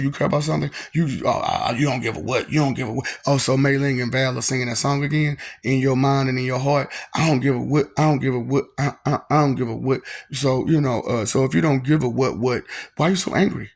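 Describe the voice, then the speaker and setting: A man's voice: mid-range voice, gravelly, breathy edge. A man talking in a freewheeling, taunting monologue, repeating lines and laughing often.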